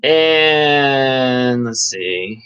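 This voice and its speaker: A man's voice: mid-range voice, lively intonation, drawn-out words, clear, resonant tone, highs cut off. A man hosting a casual live chat, rambling and swearing, with lots of fillers. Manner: rambling, profane, full of fillers. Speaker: channel host.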